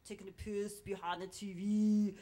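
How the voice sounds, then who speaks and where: A woman voicing a man of about thirty-five with a mustache and mullet, who tells his story in a loud, rambling and crude way. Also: mid-range voice, little pitch movement, moderate pace, lightly acted.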